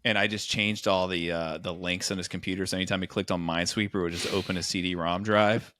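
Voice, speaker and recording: A man's voice: deep voice, fast talker, slight background noise. A man co-hosting a podcast, telling college stories in casual chat and acting out the voices of the people in them. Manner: animated storyteller, acts out quoted voices. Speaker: podcast co-host.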